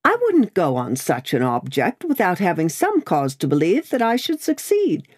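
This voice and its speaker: A woman's voice: on the low side, huge pitch swings, normal speed. Woman voicing a fussy, mild old bank clerk. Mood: polite, firm. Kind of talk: audiobook character voice.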